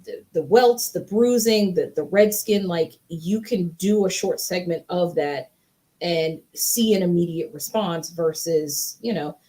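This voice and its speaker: Low-voiced chatty female co-host. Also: unhurried, mellow, low-quality recording. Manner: chatty, analytical, reads viewer comments. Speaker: co-host of a wrestling review show. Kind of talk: casual chat.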